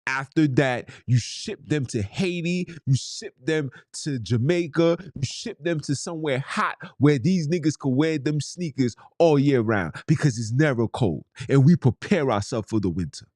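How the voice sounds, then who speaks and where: A man's voice: medium pitch, expressive, normal speed, few pauses, a little mellow, no echo, studio quality. A man, hosting a podcast in a blunt, heated, slangy monologue. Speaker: podcast host. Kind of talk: ranting monologue.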